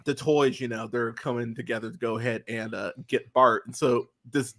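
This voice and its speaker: A man hosting a casual podcast, his voice bright and forceful at a middle pitch. He talks in quick bursts full of restarts and laughter. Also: fairly even intonation. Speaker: podcast host.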